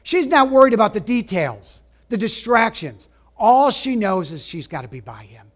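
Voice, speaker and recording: A man preaching a sermon, emphatic, asking his listeners direct questions and dropping to a hush at times. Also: high voice, very animated, normal speed. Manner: emphatic, rising and falling, drops to a hush for quoted lines; asks the audience direct questions.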